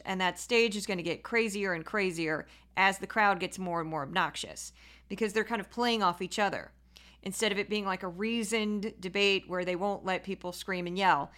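A woman's voice: mid-range voice, bright, forceful tone. A woman hosting a podcast, giving casual, sarcastic political commentary full of fillers. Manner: opinionated, sarcastic, with frequent fillers. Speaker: podcast host.

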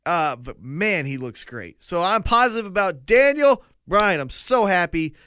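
An excitable man co-hosts a podcast in a casual chat, swearing freely as he acts out the lines he quotes. His voice sits high and swings widely in pitch. The sound is close and dry. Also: unhurried, clear, resonant tone, dry recording. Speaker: podcast co-host.

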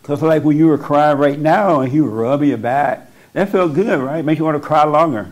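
A slightly high, somewhat mellow male voice, delivered at normal speed into a microphone. He counsels the person before him on spiritual matters bluntly and insistently, driving points home by saying them again.

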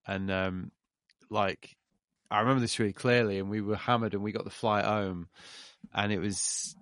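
Low-key man, dry sound. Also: fairly even intonation, moderate pace, fairly bright tone, no echo. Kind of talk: casual chat.

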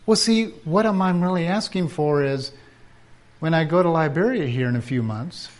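A man preaching at a conference, animated and acting out quoted voices, sometimes dropping to a whisper. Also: a little high, normal speed. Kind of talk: conference sermon.

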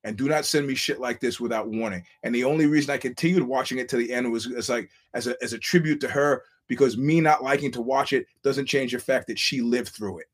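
A man's voice: mid-range voice, fast talker, hardly any pauses, husky. Male solo podcast host, blunt and profane, ordinary mid-range voice. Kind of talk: ranting solo podcast monologue.

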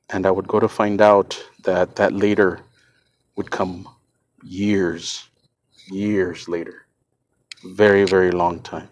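A man's voice: low voice, flat delivery, slow pace, pauses often. A man hosting a podcast, telling a first-person story in an earnest, shaken way, often repeating and restarting his words. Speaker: podcast host.

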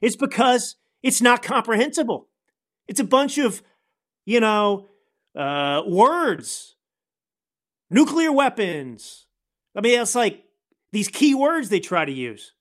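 A man's voice: very high-pitched, very animated, slow, pauses often. A man hosting a podcast, delivering angry, sarcastic political commentary in a ranting manner. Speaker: podcast host.

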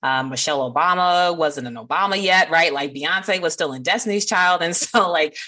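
A woman's voice: on the low side, normal speed, bright, forceful tone. A woman hosting a podcast, talking earnestly and from the heart with a friend, laughing now and then. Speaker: podcast host. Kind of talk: heartfelt conversation.

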